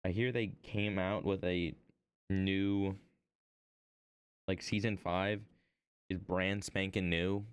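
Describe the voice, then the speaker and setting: A man's voice: low voice, little pitch movement, slow pace, pauses often, smooth, no echo. A young man streaming while he works on an art piece, rambling casually and playfully as if half talking to himself. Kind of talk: casual chat while working.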